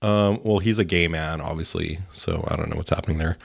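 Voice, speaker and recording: A man's voice: low voice, a little fast, creaky, dry recording, studio quality. A man co-hosting a casual chat, snarky and ranting, swearing freely. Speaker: podcast co-host.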